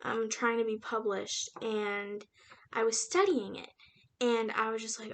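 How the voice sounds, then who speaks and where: A woman's voice: a little high, flat delivery, a little slow. A young woman casually retelling a novel's plot in a chatty, slangy book review vlog, with lots of fillers. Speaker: book reviewer and aspiring writer.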